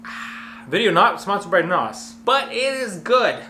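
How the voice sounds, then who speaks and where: A man hosting comedic commentary on fail videos from a warehouse, talking in an energetic, jokey, self-mocking way. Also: high voice, a little slow. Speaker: host of a fail commentary channel. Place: warehouse full of clothes. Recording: echoey warehouse with a faint hum.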